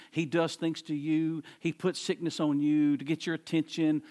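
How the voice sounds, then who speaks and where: A man preaching a sermon as pastor, emphatic and repetitive, moving between quiet asides and loud proclamations. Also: on the high side, fairly even intonation, normal speed, hardly any pauses.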